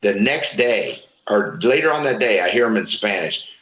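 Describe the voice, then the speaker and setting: A man's voice: fairly low pitch, normal speed, highs cut off. A man, a retired pro wrestler from Florida, rambling through profane stories in a casual interview. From Florida, USA. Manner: profane, rambling, animated retelling of old stories. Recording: echoey room.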